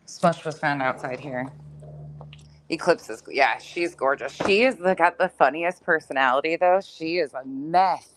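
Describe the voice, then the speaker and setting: A woman's voice: low voice, measured pace, a little hiss or hum, poor audio. A woman chatting casually at home about her cats, blunt and chatty, cursing freely. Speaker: cat owner vlogger. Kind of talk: casual chat to camera. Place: home, indoors.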